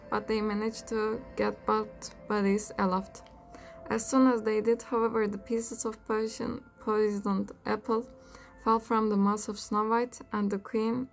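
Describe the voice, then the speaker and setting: A woman reads a comic bedtime storybook aloud with a dry, deadpan wryness. Her mid-pitched voice has a gravelly, creaky edge, and faint music plays underneath. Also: unhurried. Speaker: audiobook narrator.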